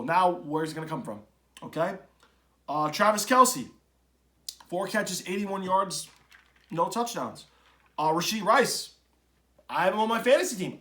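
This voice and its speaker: A man hosting a sports podcast, talking bluntly and ranting, swinging from loud outbursts to low mutters. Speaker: podcast host. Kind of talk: casual opinionated sports talk.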